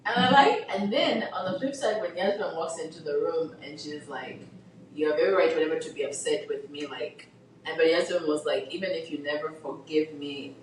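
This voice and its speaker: Podcast co-host, woman, low-ish voice, chatty and expressive. Retells plots acting out the lines. Room echo, mic set back. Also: fairly quick, a little hiss or hum. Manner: animated retelling, acting out characters' lines, says "like" constantly. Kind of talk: casual book discussion. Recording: roomy, distant mic.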